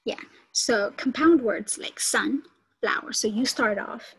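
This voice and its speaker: Instructor, woman, breathy, higher voice, patient step-by-step explainer. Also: slow pace, a bit bright, low-quality recording. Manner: explains step by step, repeats key points. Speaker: college instructor. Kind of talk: online lecture on teaching.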